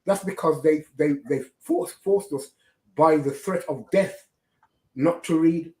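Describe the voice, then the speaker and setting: A man's voice: fairly high pitch, unhurried, mellow. A man hosting religious commentary, preaching and often asking "right?". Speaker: host. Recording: echoey room.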